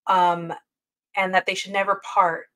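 A woman hosts her own review channel, talking through a TV episode in a loose, rambling way. She fills her sentences with "um" and "like" and keeps correcting herself. Her voice sits at an ordinary middle pitch. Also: little pitch movement, a little slow, a bit bright. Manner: chatty, rambling with many fillers and self-corrections. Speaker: book and TV review channel host. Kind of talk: casual review chat.

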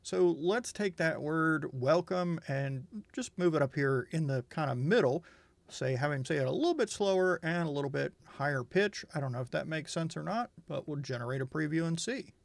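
A man with a slightly higher voice talks through a software demo, chatty and wry, thinking aloud as he clicks. His manner is candid and relaxed. The sound is dry and close to the mic. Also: moderate pace, creaky, no room sound. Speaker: software reviewer. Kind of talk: casual screen-recorded tutorial.

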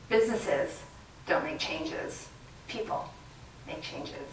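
Chatty woman speaker in a roomy hall. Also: lowish voice. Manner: chatty, laughs often, plays with the crowd. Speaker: guest speaker. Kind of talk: leadership talk to an audience. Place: lecture room with audience. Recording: roomy sound from a distant mic, faint background noise.

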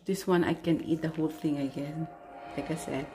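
A woman vlogger chatting casually while she tastes snacks, unhurried and talking between bites. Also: deep voice, steady tone, noisy background. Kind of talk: casual food-tasting vlog.

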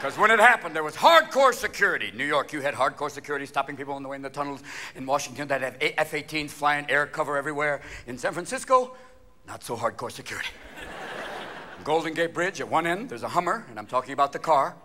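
Manic stand-up comic with a lively high voice. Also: male voice. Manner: manic, rapid character voices and shouts. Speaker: stand-up comedian. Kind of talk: live stand-up comedy. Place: theater stage before a live audience. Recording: live theater recording with crowd noise. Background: audience laughter.

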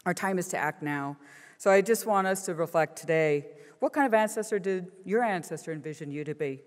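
A middle-aged woman giving a keynote address in a large conference hall, earnest and lively as she tells a story. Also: on the low side, brisk. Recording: long reverb of a conference hall.

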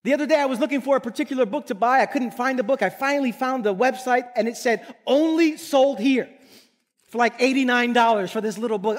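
A male pastor preaching a sermon, emphatic, with sudden loud bursts and slow, drawn-out phrases. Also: extremely high pitch.

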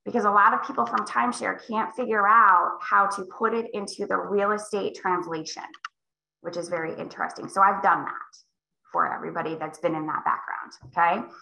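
Coaching agents live online, a woman in her forties who trains real estate sales acts out scenes, switching voices through animated storytelling. Her medium-pitched voice is gravelly and fairly quick, and the low-quality recording sounds roomy.

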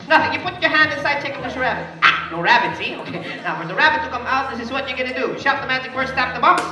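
A Filipino-accented woman performs a live magic show at a children's party, teasing and coaxing the kids along as she does her tricks. Her voice sits high and is expressive, fast, bright, and forceful, captured at a distance in an echoey party hall full of music and crowd sound.

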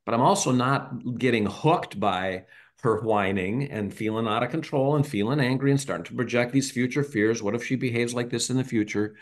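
A man's voice: mid-range voice, moderate pace. A man on a parenting podcast, talking casually and animatedly, acting out bits of dialogue as he explains. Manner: animated storyteller, acts out dialogue.

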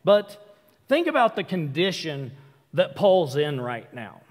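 A man preaching a casual sermon, talking conversationally, breaking off mid-thought and acting out quick asides. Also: on the high side, very animated. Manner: conversational, self-interrupting, acts out quick asides. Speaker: pastor. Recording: hall reverb.

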